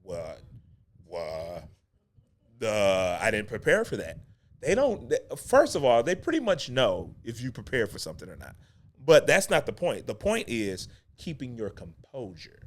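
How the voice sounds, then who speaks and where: A man coaching actors in a loose, conversational monologue, animated and chatty with frequent restarts. He keeps circling back to repeat his main points and breaks into short laughs between them. His voice sits at an ordinary middle pitch. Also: normal speed. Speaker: acting coach and show host. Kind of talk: casual spoken teaching monologue.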